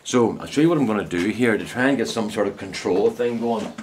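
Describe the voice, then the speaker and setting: A man's voice: on the low side, brisk, a little mellow, a little hiss or hum. A middle-aged man, chatting in a rambling, anecdotal way as he films himself outdoors in his garden. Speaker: gardening vlogger. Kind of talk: casual anecdotal vlog. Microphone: handheld camera he films himself with.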